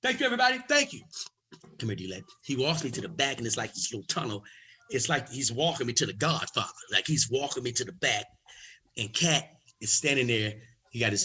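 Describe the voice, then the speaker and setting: Husky, bright-voiced storytelling comedian. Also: male voice, medium pitch, poor audio. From United States. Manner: lively, acts out every voice. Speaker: comedian guest. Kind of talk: animated storytelling.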